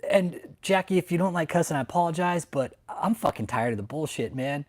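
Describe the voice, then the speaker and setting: A man's voice: fairly high pitch, lively intonation, a little fast, hardly any pauses, darkish tone. A man hosting a live stream, ranting in anger, swearing a lot and repeating his threats, from Texas. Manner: heated, profane, repetitive. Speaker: channel host. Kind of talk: angry livestream rant. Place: home in San Antonio.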